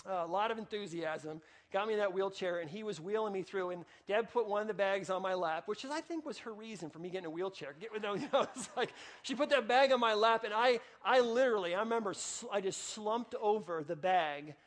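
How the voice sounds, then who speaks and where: A middle-aged man preaching to his congregation, telling a personal story in a conversational way and dropping to a hush for prayers. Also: sits high, fairly quick, few pauses. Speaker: pastor.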